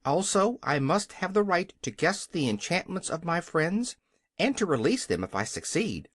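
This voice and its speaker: A reader voicing a proud, indignant female hen in a storybook, talking in a high, quick, chatty way. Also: sing-song, no echo, studio quality.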